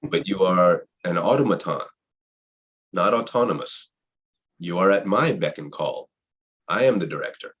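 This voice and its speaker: Low, husky man in reflective talk; repeats himself, asks rhetorical questions. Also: lively intonation, moderate pace, pauses often, a bit bright. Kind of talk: reflective spiritual conversation.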